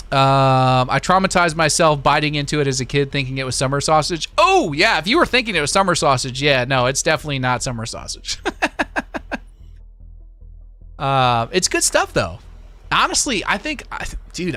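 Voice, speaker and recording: Bright, laid-back male stream host. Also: on the high side, dry recording. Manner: rambling, laid-back, many fillers and laughs. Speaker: livestream host. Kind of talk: casual livestream chat, reading chat messages.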